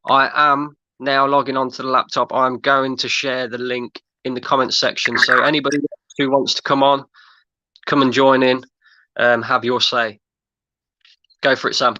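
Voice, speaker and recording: A man's voice: mid-range voice, flat delivery, moderate pace, bright, forceful tone, no room sound. A man hosting a fan livestream, talking in a weary, sighing way. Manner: weary, sighing, talks plainly. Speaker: stream host. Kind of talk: casual livestream chat. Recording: dry, dull lo-fi audio.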